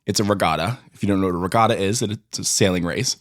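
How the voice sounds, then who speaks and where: A young man, co-hosting a casual podcast and telling stories in a playful, animated way. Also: sits low, fast talker, no room sound, clean studio sound. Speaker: co-host.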